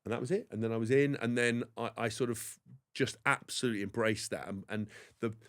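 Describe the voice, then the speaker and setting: A man in his forties, a former rugby player from England, telling rambling, animated stories as a podcast guest. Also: medium pitch, a little fast. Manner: rambling, animated anecdotes with frequent restarts. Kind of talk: casual interview storytelling.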